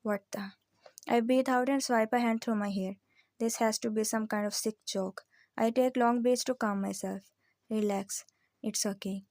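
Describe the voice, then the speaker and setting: A woman narrating a novel in the first person with a steady, reflective reading close to the mic. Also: a little high, normal speed, dry recording. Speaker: audiobook narrator.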